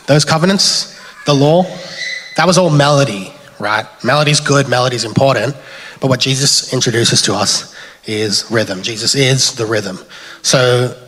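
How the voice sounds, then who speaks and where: A man with an Australian accent giving a relaxed, chatty sermon with slides, thinking aloud as he goes. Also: medium pitch, normal speed. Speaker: preacher. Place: church hall. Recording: long hall reverb.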